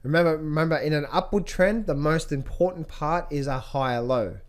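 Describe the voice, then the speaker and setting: Guy explaining stock charts on a screen share, kinda higher voice, keeps asking "right?" and repeating himself. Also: brisk. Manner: repetitive, rhetorical questions, animated pointing out. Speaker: trading educator.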